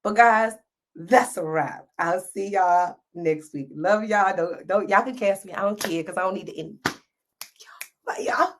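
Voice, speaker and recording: A woman hosting a podcast, ranting at her listeners in a blunt, profane, scolding way, swinging between loud outbursts and hushed asides. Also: medium pitch, a little slow. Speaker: podcast host. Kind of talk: unscripted rant to listeners.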